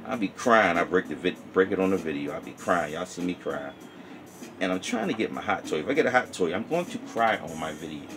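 A man's voice: low voice, animated, brisk, over music. A man casually chatting through a toy review vlog, rambling and heartfelt. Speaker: toy collector vlogger.

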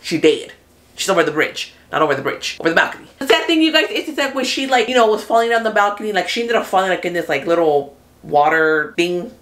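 A woman hosting a casual TV recap, talking in an animated, chatty way, swearing freely and acting out what the characters say. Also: mid-range voice, quick pace. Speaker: host of a TV recap channel. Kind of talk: casual spoilery show recap.

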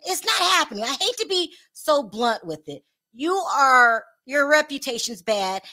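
A woman with a fairly high voice runs a celebrity gossip show. She talks bluntly and animatedly, often turning to speak straight to the stars she is discussing. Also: sing-song, unhurried, sharp tone. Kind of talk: casual commentary to camera.

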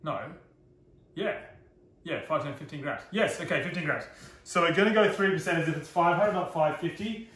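Speaking at a normal speed in a slightly high, somewhat bright voice, an Australian chef cooks live in a kitchen. He stays chatty and self-deprecating, laughing at his own mistakes, while the recording carries a roomy echo and faint noise.

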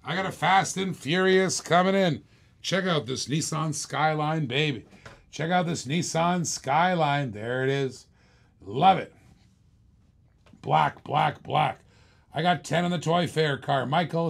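A man hosting a live-stream auction, pitching items in a hyped, repetitive salesman patter. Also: a little slow, vocal fry.

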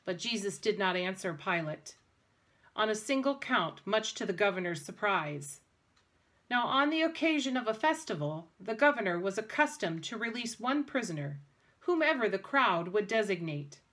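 A woman reads scripture aloud, even and measured. Her voice sits in an ordinary middle range. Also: mid-range voice. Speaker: scripture reader. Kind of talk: prerecorded scripture reading.

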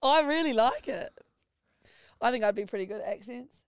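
Smooth teasing Kiwi woman host. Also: on the high side, lively intonation, normal speed, no echo, clean studio sound. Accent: New Zealand. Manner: teasing, laughs often, prompting. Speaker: radio co-host. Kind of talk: casual radio banter.

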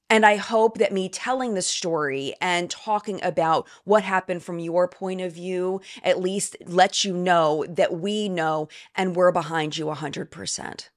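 A woman hosting a beauty news vlog, talking in a casual, emphatic way, openly emotional and sometimes sarcastic. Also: fairly low pitch.

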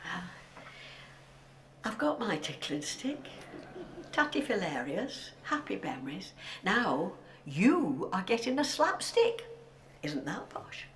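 An older actress giving a heartfelt recorded tribute from a dressing room, emotional and often dropping to a whisper. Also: female voice, mid-range voice, very animated, takes it slowly, pauses often, roomy sound, noisy background.

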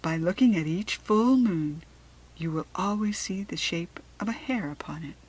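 A woman reading a storybook and voicing a wise, cryptic magical hare, with a breathy, calm and knowing manner. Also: fairly low pitch, moderate pace, low-quality recording.

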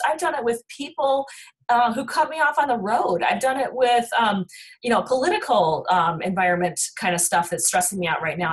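A middle-aged woman clinician hosting a webinar, talking reflectively with many fillers as she answers questions. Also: mid-range voice. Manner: warm, reflective, many "um"s and "you know"s.

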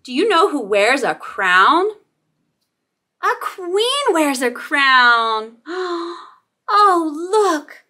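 A woman teaching toddlers their letter sounds, talking very slowly and stretching each sound. Her voice is high and swoops widely in a sing-song way. The tone is bright and clear. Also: sing-song. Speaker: children's teacher and host. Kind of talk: toddler phonics lesson.

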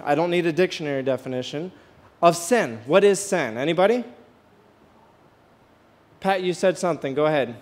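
Male pastor, high voice, chatty sermon style with many restarts, questions for the congregation. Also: darkish tone. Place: church sanctuary, walking the aisle.

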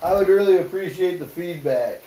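A man with a high, mellow voice speaks at a moderate pace, recorded roughly in an echoey room. He's hosting a casual cooking livestream from his home kitchen, cracking loose jokes, swearing freely and chatting with viewers while he cooks.

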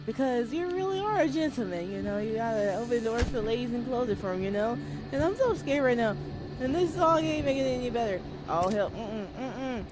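Young female streamer, scared chatter, lively and a bit high, noisy background. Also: fairly quick. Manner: jumpy, chatty, talks to the game and viewers. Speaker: gamer streamer. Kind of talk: let's-play commentary.

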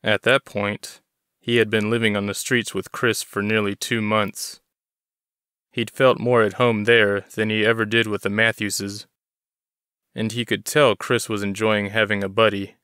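A man reading a story aloud in an even, steady way. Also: lowish voice, a little slow, clean tone, no room sound, clean studio sound. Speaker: narrator. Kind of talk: audiobook reading.

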